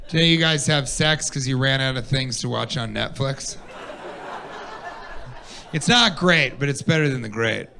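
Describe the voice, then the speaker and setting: A man performing a stand-up comedy set on a stage, animated and playful, riffing with the audience. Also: mid-range voice, normal speed, vocal fry, long pauses, some chatter behind, slight background noise.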